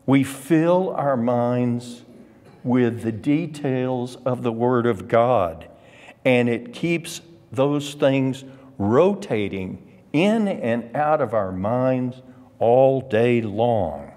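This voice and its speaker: A man teaching Scripture to a class, moving slowly and deliberately through each point. His pitch swings widely as he draws out and leans on key words. His voice trails in a long hall reverb. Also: animated, mellow. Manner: emphatic, drawn-out stresses on key words. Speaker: Sunday school teacher.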